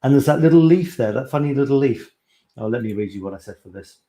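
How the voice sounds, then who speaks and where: A man's voice: mid-range voice, lively intonation, fast, warm tone, roomy sound. A man hosting a casual live stream as a photography coach, talking in a rambling, chatty way and often correcting himself.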